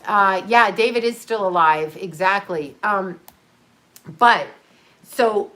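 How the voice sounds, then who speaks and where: A woman's voice: medium pitch, slow, a bit bright. A middle-aged woman chatting casually on a livestream, rambling, laughing often and talking straight to her viewers. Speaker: livestream host. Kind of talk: casual livestream chat reading comments.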